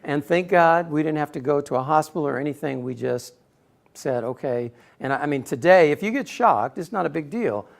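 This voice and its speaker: A middle-aged man telling a personal story in a speech to an audience, acting out quotes with sudden loud bursts. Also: a little high, animated, brisk, gravelly. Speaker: speaker giving a personal talk.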